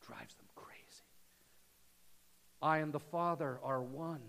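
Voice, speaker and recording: A man preaching a sermon to his church, swinging from loud emphasis to hushed near-whispers. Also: a little high, takes it slowly, gravelly, pauses often, big-room sound. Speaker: pastor. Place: church sanctuary.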